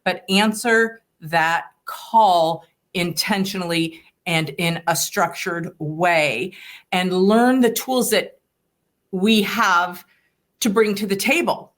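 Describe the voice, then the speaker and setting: A woman with a slightly low voice hosts a podcast interview. She speaks in a measured, deliberate way, weighing each phrase as she sums up her guest's ideas. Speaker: podcast host. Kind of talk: interview host summarizing.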